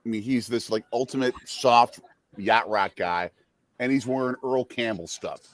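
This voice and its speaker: A man's voice: mid-range voice, normal speed. A man co-hosting a casual sports watch-along, chatting between stories and calling the plays as they happen. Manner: chatty, jumps between stories and play calls. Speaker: podcast co-host.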